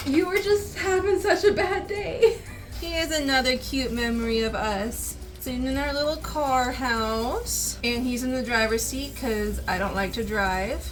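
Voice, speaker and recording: Giggly high-voiced woman. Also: normal speed, faint music behind, poor audio. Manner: giggly, playful, teasing. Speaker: vlog co-host. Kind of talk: casual chat while making pancake art.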